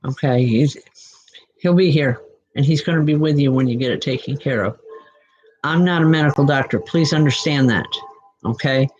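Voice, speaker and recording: A woman working as a psychic medium, giving live spirit readings in a reassuring way, often breaking into soft laughter. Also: a bass voice, moderate pace, lo-fi sound.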